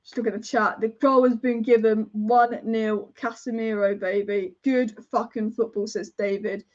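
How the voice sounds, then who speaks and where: Woman, young, football fan livestreamer, excitable, swears casually, high voice, muffled lo-fi sound. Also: moderate pace. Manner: excitable, shouting and chanting at goals, casual swearing. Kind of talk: live match watch-along commentary. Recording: dull lo-fi stream audio.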